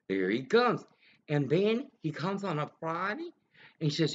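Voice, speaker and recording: A woman's voice: low-pitched, big pitch swings, moderate pace, lo-fi sound. A woman ranting angrily and bitterly in a rambling monologue that jumps between accusations.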